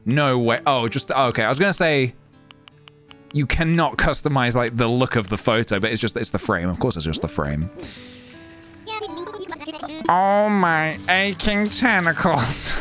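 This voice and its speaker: A man's voice: mid-range voice, brisk, a bit bright. Giggly man chatting over game music. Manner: chatty, giggly, self-mocking. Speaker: streamer. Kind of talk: casual gameplay commentary.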